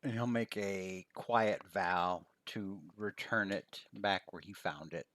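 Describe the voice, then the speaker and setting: A man playing a tabletop role-playing game, laid-back and quiet, describing his character's actions in third person. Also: sits low, fairly even intonation, takes it slowly, no echo. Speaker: player.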